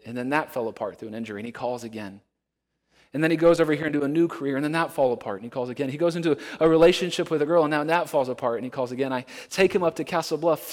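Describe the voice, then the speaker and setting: A male pastor preaching a sermon in an earnest storytelling way, now and then dropping to a hush for emphasis. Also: mid-range voice. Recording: long hall reverb.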